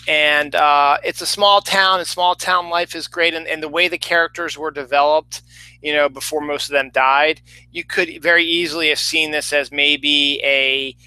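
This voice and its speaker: A man's voice: a little high, steady tone, normal speed, sharp tone, clear, resonant tone, low-quality recording. A man giving a casual, rambling film review, full of fillers and restarts.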